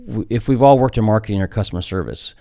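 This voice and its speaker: A man co-hosting a Catholic talk show, speaking thoughtfully and haltingly with fillers. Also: on the low side, gravelly, warm tone. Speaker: podcast co-host. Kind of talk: casual faith discussion.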